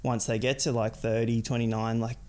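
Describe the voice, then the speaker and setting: A man's voice: medium pitch, level tone, a little fast, a little mellow. A young adult man chatting casually as a podcast guest, rambling and filling his sentences with "like". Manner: rambling, heavy use of "like". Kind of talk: casual chat.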